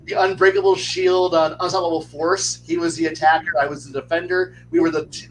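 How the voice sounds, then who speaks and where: A man on a podcast telling a tabletop game story in a casual, profane, animated way. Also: brisk, slight background noise, low-quality recording. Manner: animated, profane, acts out quotes in pitch jumps. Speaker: podcast panelist.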